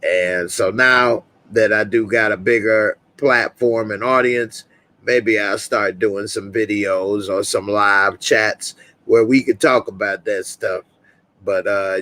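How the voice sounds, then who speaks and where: A man's voice: lowish voice, bright, forceful tone. A man hosting a casual live stream, laid-back and slangy, reading viewer comments aloud. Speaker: host.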